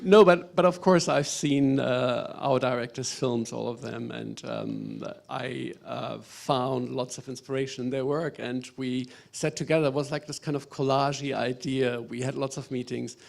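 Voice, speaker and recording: A man with a gravelly, creaky voice at mid pitch. He speaks about his camera work on a festival panel, pausing and searching for words. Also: fairly even intonation. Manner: hesitant, searching, with many fillers. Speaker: cinematographer. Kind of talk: casual panel talk.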